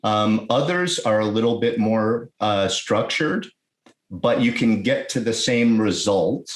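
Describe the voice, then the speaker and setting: Man, podcast guest, emergency-services chief, explaining, quick bursts, low voice, echoey room. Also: lively intonation. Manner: explanatory, fast bursts with restarts. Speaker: guest, EMS fire chief. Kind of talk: conversational podcast interview. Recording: roomy echo.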